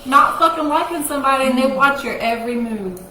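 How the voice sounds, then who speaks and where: A woman co-hosting a casual live chat show, loud and teasing, laughing often. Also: high-pitched, expressive, quick pace. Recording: echoey room with noise.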